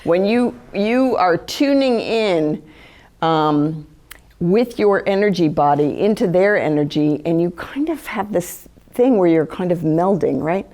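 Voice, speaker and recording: A woman gives a live talk in a chatty, animated manner, with a somewhat low-pitched voice. She is casual with the audience and often acts out quoted inner thoughts. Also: measured pace. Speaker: speaker giving a talk on empathy.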